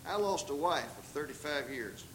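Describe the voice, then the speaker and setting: An older man with a Southern US accent preaches dramatically at a moderate pace, his expressive voice leaping in pitch as he acts out the people he quotes. There's background noise on the recording.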